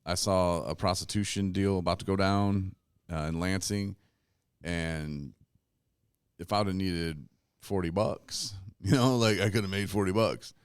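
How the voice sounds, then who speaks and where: A man hosting a recovery podcast at a retreat, telling stories in a casual, animated way and laughing often. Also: low voice, a little slow, clean tone, no room sound. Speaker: podcast host. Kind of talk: casual storytelling chat.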